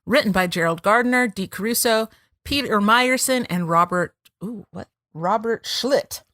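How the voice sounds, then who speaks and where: A woman's voice: mid-range voice, unhurried, pushed and bright, no room sound, clean studio sound. A woman hosting a podcast, chatting casually and laughing often as she reads out episode notes. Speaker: podcast host.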